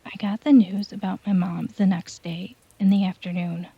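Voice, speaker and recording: A woman calmly narrating an original first-person horror story. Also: medium pitch, normal speed, hardly any pauses, slightly rough, dry recording. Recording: dull lo-fi home recording.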